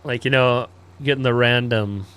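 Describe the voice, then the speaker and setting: A man's voice: medium pitch, fairly even intonation, moderate pace, a bit bright, smooth. A man in his twenties, a livestreamer telling a crude story in laid-back, rambling casual chat full of fillers.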